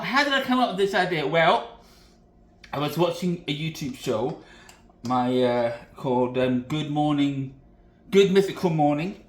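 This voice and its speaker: Home cooking host, male, from Britain: high-pitched, loose and self-correcting, recorded in a roomy kitchen. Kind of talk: casual cooking demonstration.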